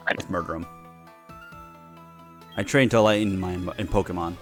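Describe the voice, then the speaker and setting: A man's voice: deep voice, normal speed, a bit bright, soft background music. A man co-hosting a casual gaming chat, laughing easily and tripping over his words. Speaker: co-host of a gaming podcast. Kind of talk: casual group chat while playing a game.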